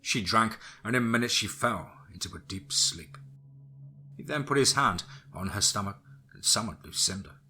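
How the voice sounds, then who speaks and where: A man narrating a dark horror story in a steady storytelling manner. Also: normal speed. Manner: steady storytelling, drops low for grim lines.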